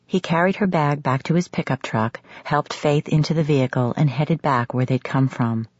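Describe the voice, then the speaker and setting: A woman reads a romance novel in a measured, sultry way, her voice low and husky. The sound is close and dry, with no room around it. The top end is a little dull. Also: darkish tone, no echo. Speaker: audiobook narrator. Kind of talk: scripted romance narration. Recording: slightly muffled studio audio.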